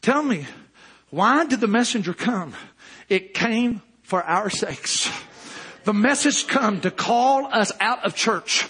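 A male preacher delivering a fervent sermon, rising to shouts and dropping low again. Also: expressive, slow, breathy edge.

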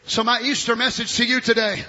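A man preaching an impassioned sermon, shouting and exclaiming glory and hallelujah. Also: very high voice, little pitch movement, a little fast, dull audio.

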